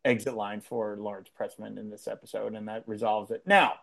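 A podcast co-host chatting casually about a TV episode, laughing often and acting out quoted lines. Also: male voice, lowish voice, steady tone, fairly quick, gravelly, a bit bright. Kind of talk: casual chat recapping a TV episode.

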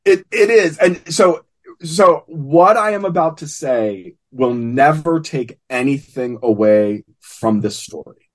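A man co-hosting a casual podcast, retelling a comic story with animated flair and acting out characters' lines. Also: a little high, slow. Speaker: podcast co-host. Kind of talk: casual comic book discussion.

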